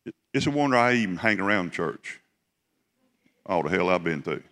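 A middle-aged man preaching, telling a personal story in a folksy, halting way with many restarts. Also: sits low, lively intonation, a bit bright. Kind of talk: sermon storytelling.

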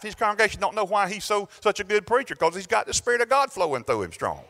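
Preaching fast in a fairly high voice with hardly a pause, a Southern US pastor delivers a church sermon as a faint crowd is heard. His animated storytelling moves between loud exclamations and hushed asides.

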